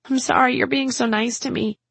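A woman voicing a fragile, apologetic young woman with soft, meek replies. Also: high voice, steady tone, a little fast, creaky, slightly rough, no echo, voice pushed up, exaggerated voice. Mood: tearful, meek.

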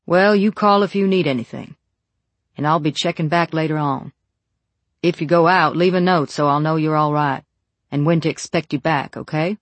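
Give a folksy, friendly small-town deputy, as a narrator puts him on, chatting easily and calling out a bit louder than the narration. The sound is dry and close. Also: male voice, a little high, normal speed, dry recording, lightly acted.

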